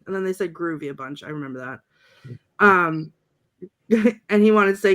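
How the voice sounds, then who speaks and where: Woman reading film quotes on a casual podcast, laughs a lot, middle pitch. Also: normal speed, a bit bright. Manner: reads quotes with light laughter. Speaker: podcast co-host. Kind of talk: reading movie quotes aloud, casual chat.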